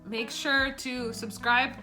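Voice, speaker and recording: A woman's voice: a little high, level tone, takes it slowly. Young woman co-host, playful and chatty, casual vlog talk, music bed. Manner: chatty, playful, finishes her partner's sentences. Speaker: vlogger, English teacher in Korea. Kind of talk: casual chat. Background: guitar music.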